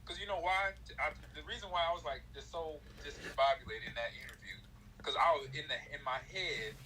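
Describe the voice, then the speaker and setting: A man's voice: on the high side, a little fast, slight background noise, low-quality recording. A man, a former college running back, telling stories in a casual interview and acting out his own quotes with lots of energy. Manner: animated storyteller, acts out his own quotes.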